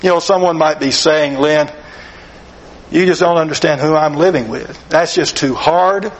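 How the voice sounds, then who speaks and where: A man preaching a sermon, slow and deliberate, earnest, asking rhetorical questions of his listeners. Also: a little high, low-quality recording.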